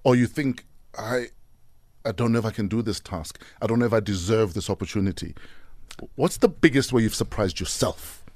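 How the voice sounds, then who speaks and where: A man's voice: on the low side, normal speed, darkish tone, dry recording. A man with a South African accent hosting a breakfast radio show and interviewing a guest. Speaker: radio host. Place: radio studio.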